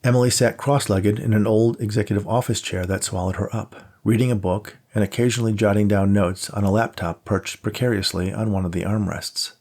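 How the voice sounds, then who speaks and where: A man reading his own novel aloud as audiobook narration, steady and measured. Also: on the low side.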